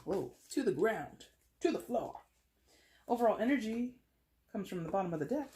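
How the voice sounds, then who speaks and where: A woman's voice: mid-range voice, normal speed, slight background noise. Chatty woman giving a tarot reading. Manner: chatty, animated, laughs and plays with voices. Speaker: tarot reader. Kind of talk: casual tarot reading to camera.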